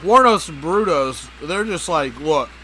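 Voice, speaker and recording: Crude, bright-voiced man spinning a profane story. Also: a little high, normal speed, slight background noise. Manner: crude, rambling, acts out voices. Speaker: podcast co-host.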